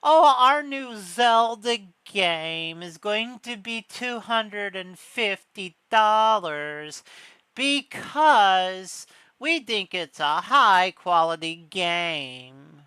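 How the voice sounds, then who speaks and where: A woman's voice: mid-range voice, lively intonation, sharp tone, clean tone, no room sound, heavily acted. A woman putting on a haughty, posh voice as a snobbish corporate spokesperson, drawing out her words. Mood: smug. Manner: haughty, drawn-out, smug.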